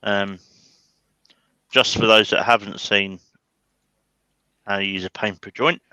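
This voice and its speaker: Jokey male guest, bright tone, dead-dry mic. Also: fairly low pitch, steady tone, slow, clean tone, no room sound, low-quality recording. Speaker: woodturner guest. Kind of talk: casual stream banter.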